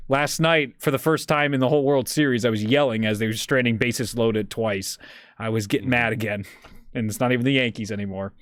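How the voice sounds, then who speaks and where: A man hosting a casual livestreamed podcast, rambling and excitable, getting loud when worked up. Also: medium pitch, brisk, no room sound, clean studio sound. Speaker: podcast host.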